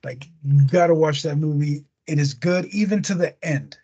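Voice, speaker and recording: A man hosting a casual podcast, slangy and animated as he retells a movie plot. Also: on the high side, moderate pace, breathy edge, muffled recording. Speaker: podcast host.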